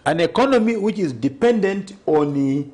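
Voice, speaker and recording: A man's voice: high-pitched, expressive, moderate pace, a little mellow. A party president speaking in a TV studio interview, arguing his case point by point, often checking in with "Okay?" and stumbling on the odd word. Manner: emphatic, argues point by point and keeps asking "Okay?". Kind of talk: TV interview answers.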